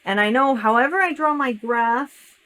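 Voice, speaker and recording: A woman's voice: a little high, normal speed, fairly bright tone, low-quality recording. Woman talking through a calculus sketch. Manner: thinking aloud while drawing, self-correcting. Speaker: math teacher. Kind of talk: step-by-step calculus lesson.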